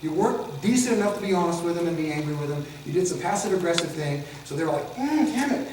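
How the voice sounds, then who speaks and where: Teaching a de-escalation class, this man speaks fast in a slightly high voice with a darkish tone, lecturing with animation and performing examples in mocking voices. There's a little hiss or hum, and the sound is distant and echoey.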